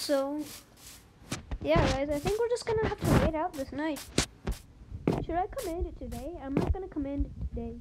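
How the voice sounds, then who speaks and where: A high-voiced young gamer chatting casually and humming little tunes while playing on a phone. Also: very noisy. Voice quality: high-pitched voice. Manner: chatty, rambling, with playful sing-song humming. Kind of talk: casual let's-play commentary.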